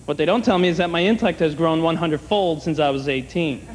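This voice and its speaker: High-voiced man doing stand-up in a hall. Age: older than 30. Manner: wry, conversational, acts out quick bits in other voices. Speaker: stand-up comedian. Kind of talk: stand-up comedy set. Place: comedy club stage, audience present. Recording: long hall reverb, clear room noise, 1990 TV taping.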